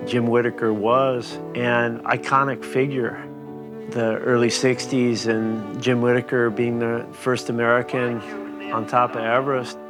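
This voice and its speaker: A man in a documentary interview, speaking in a measured, reflective way. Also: medium pitch, level tone, over music.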